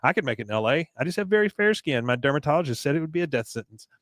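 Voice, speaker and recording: A man's voice: on the high side, lively intonation, rapid-fire, a bit bright, no echo, voice pushed up. A man voicing a vain, self-important middle-aged cartoon mother in a recap. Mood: smug.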